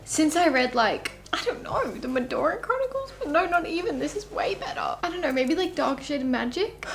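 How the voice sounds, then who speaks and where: A woman's voice: high voice, big pitch swings, fairly quick, hardly any pauses. A young woman vlogging about books in a casual, rambling way, openly emotional and gushing about what she reads. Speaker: book vlogger. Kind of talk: casual reading vlog.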